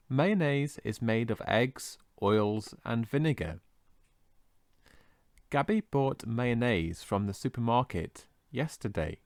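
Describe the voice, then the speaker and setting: A man teaching English vocabulary in a scripted lesson, slowly and carefully modelling how each word is pronounced. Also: medium pitch, dry recording, clean studio sound. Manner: slow, careful modelling of pronunciation.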